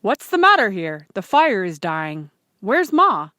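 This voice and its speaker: A woman's voice: mid-range voice, sing-song, unhurried, pushed and bright, no echo, studio quality. A woman reading aloud, voicing an earnest, anxious farmer father in a plain, near-natural voice.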